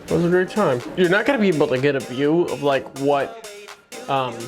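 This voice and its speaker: A man's voice: a little high, animated, a little fast, soft background music. A man in his studio, talking casually and rambling with jokey asides while he paints. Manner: rambling, loose, lots of "like" and restarts, jokey asides. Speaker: painter and video host. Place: art studio.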